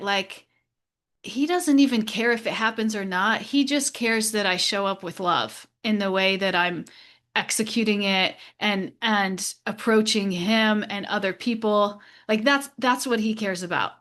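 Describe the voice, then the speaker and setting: A woman hosting a podcast, talking in a reflective and gently encouraging way in a casual spiritual discussion. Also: mid-range voice, measured pace. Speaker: podcast host.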